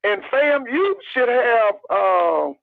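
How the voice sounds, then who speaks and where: A male caller with an extremely high voice speaks slowly, with lively intonation and a creaky quality, on a dry recording over a tinny phone line. He gives emphatic call-in radio commentary, insistently repeating his points.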